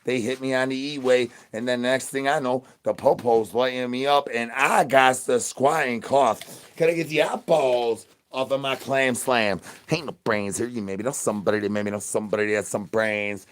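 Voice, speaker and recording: A man's voice: medium pitch, normal speed, hardly any pauses. A man, streaming in a goofy, rambling patter full of nonsense words and catchphrases. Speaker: streamer in zombie persona.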